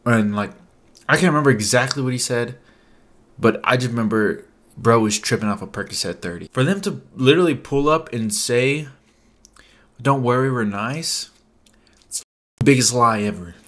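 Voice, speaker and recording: A man's voice: medium pitch, lively intonation, a little fast, a bit bright. A young adult man telling a casual storytime vlog, rambling and profane, with lots of "like" fillers. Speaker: vlogger.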